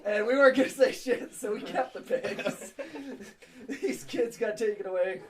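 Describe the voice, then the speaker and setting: A man's voice: sits high, animated, moderate pace. A young man co-hosting a podcast, telling a story in casual chat and laughing often. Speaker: podcast co-host.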